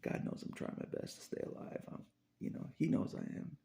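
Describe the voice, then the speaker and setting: A man's voice: fairly quick, mellow. A man talking in a rambling, confessional monologue, repeating phrases and chuckling between thoughts.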